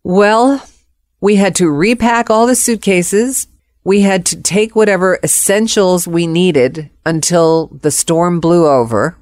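Expressive woman telling a personal story. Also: on the low side, takes it slowly, dry recording, studio quality. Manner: expressive, acts out voices.

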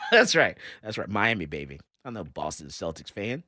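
A male talk radio host lectures and jokes at a moderate pace, animated and emphatic, laughing often. His bright, forceful voice swings wildly in pitch, captured dry and close on a studio microphone with no room sound.

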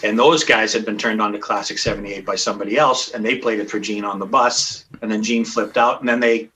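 A man's voice: lowish voice, steady tone, fairly quick, bright, forceful tone, low-quality recording. A man guest in casual podcast chat, telling a long story with many restarts. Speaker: band founder guest.

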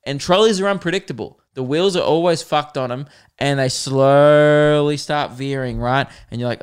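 A young man with an Australian accent, a podcast host telling a rambling, animated comic story and swearing often. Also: mid-range voice, normal speed, clean tone. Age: young adult. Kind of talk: comedic storytelling.

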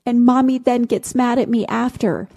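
Brief: a woman recounting a pleading, sobbing young girl, pitched up, mellow tone. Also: moderate pace, gravelly.

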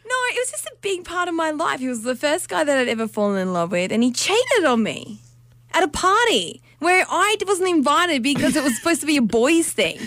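A woman's voice: high-pitched, sing-song, fairly quick, a bit bright, no echo, studio quality. A woman co-hosting a radio show, giggly and emotional as she recalls old memories. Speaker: co-host. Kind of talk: casual radio chat.

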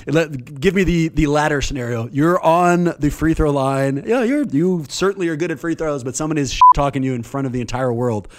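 A male podcast host asking guests joking, animated questions in a conversational interview. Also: on the high side, normal speed, hardly any pauses.

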